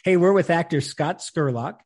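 A man's voice: a little high, moderate pace, darkish tone. A man hosting a casual interview, chatty, with many fillers and frequent laughs. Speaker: interviewer, filmmaker.

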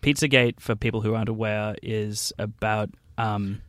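A man's voice: fairly low pitch, fairly even intonation, moderate pace, fairly bright tone, no room sound. Blunt man arguing on a radio panel.

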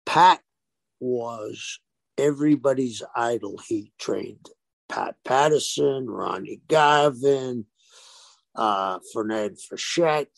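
Medium-pitched and creaky, this man's voice is recorded dry. An ex-pro wrestler, he's an animated storyteller in a casual interview, performing the dialogue as he goes.

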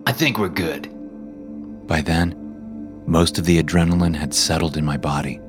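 Deep-voiced man narrating a horror story.

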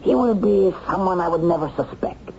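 A man's voice: sits high, brisk, warm tone, a little hiss or hum, lightly acted. An actor playing a man who has tracked down a war criminal, taunting and given to chuckles, on a dull old TV soundtrack. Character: male hunter of a war criminal, mocking then torn.

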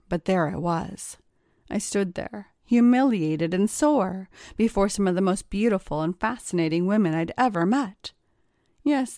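A woman's voice: mid-range voice, dark tone, no room sound, clean studio sound. Woman narrating a confessional story. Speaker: story reader. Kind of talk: scripted first-person narration.

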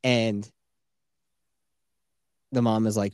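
Laid-back man with a mellow voice. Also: lowish voice, measured pace, no echo, studio quality. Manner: loose, swearing, quotes characters in his own voice. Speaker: podcast co-host. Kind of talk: casual chat, retelling a video game story.

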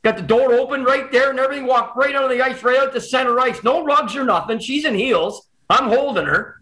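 Bright-voiced man telling a story. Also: very high voice, low-quality recording. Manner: excited storyteller, quick restarts. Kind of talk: casual storytelling.

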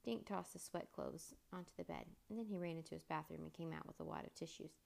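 Lady reading a kids' chapter book, low gravelly voice, steady storytelling. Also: fast talker. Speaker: narrator. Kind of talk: children's book read aloud.

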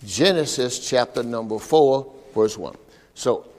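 In a large hall, a pastor delivers a sermon at a church service, his medium-pitched voice lively in intonation, a little slow and slightly mellow. He preaches in call-and-response style, repeatedly saying "all right" to draw answers from the congregation.

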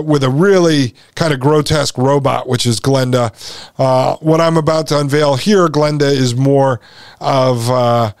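A man's voice: medium pitch, creaky, clean tone, dry recording, clean studio sound. A man hosting his own podcast, talking straight to his listeners in an emphatic solo monologue. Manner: emphatic, talks directly to listeners. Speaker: podcast host.

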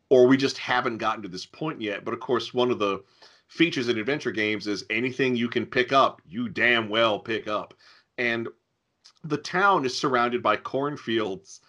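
A man co-hosting a casual podcast chat about old adventure games, wry and quick to laugh. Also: mid-range voice, bright, forceful tone. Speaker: podcast co-host.

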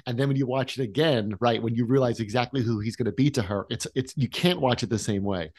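Animated man co-hosting a film chat. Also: medium pitch. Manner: animated, talks in quick restarts and asides. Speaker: co-host of a film podcast. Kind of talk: casual conversation.

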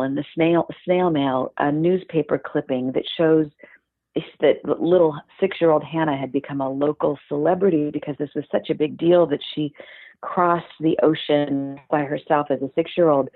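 Low-voiced woman telling a story over a phone-like line. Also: no echo. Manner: animated retelling with quoted voices. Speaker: guest storyteller. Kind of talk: podcast conversation, storytelling. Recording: dry, phone-like narrow sound.

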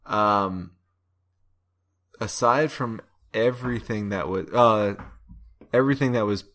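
A man co-hosting a casual film podcast, hesitant and measured, with many ums and pauses. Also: fairly low pitch, a bit bright. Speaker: podcast co-host.

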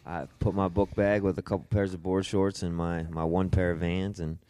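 A young man, a podcast guest, telling his own story in a halting way, repeating words and swearing casually. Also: low voice, little pitch movement, mellow. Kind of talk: personal storytelling.

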